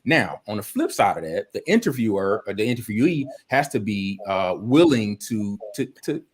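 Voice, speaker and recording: A man guest in an interview, telling stories in a relaxed, informal way with casual grammar. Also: fairly low pitch, normal speed, slightly rough. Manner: relaxed storyteller, many restarts and fillers, informal grammar. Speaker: guest, video producer.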